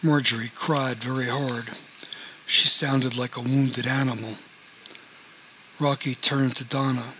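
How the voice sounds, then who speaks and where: A man's voice: mid-range voice, fairly even intonation, slow pace, pauses often, sharp tone, a little hiss or hum, rough recording. A man narrating a story aloud, reading the characters' dialogue with only mild changes in his voice. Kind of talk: audiobook narration.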